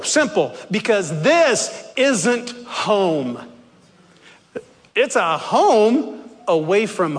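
Male pastor, unhurried sermon delivery, dramatic and wry, reverberant church hall. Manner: slow, dramatic, swings between loud emphasis and hushed low lines; jokey asides with chuckles.

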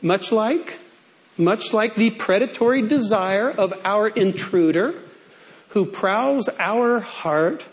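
A man's voice: sits high, slow pace. A male pastor preaching a sermon in a playful way, stretching key words out for emphasis.

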